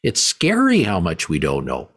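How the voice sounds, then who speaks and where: Low husky guy hosting, keeps restarting his words, emphatic. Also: wildly swooping pitch. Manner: halting, repeats words, emphatic. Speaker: podcast host. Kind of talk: interview conversation.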